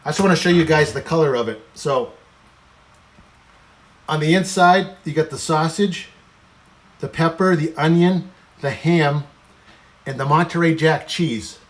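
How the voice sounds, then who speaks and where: Man, fairly high voice, casual live-stream host chatting with viewers while cooking. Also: a little slow, long pauses. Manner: chatty, greets viewers by name while eating.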